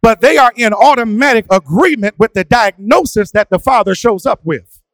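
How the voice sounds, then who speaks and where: A male preacher who swings from hushed, quiet asides to sung, shouted preaching. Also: extremely high pitch, moderate pace, dry recording. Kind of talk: sermon.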